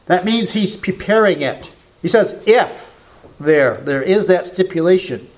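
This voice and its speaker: A man's voice: high voice, animated, measured pace. A man preaching a sermon, emphatic, quoting scripture and asking rhetorical questions. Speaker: pastor.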